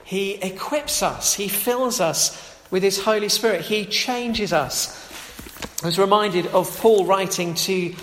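A man with a high voice preaches a sermon in an easygoing, conversational way, dotted with "uh" and "you know" and frequent restarts. The sound carries a long, roomy echo, as if from a church hall. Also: takes it slowly, a little hiss or hum. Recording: echoey hall.

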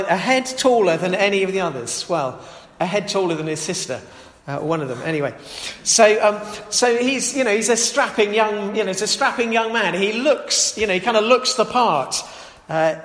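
A man with a high voice preaches a sermon in an easygoing, conversational way, dotted with "uh" and "you know" and frequent restarts. The sound carries a long, roomy echo, as if from a church hall. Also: a bit bright. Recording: echoey hall.

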